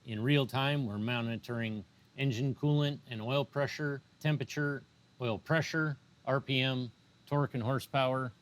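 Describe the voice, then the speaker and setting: A man at an average pitch explains a dyno console in a matter-of-fact way. He keeps his answers brief and steady, like a technician walking a guest through a test. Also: moderate pace. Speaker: engine production manager. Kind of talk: explaining equipment on a shop tour. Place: engine shop dyno room.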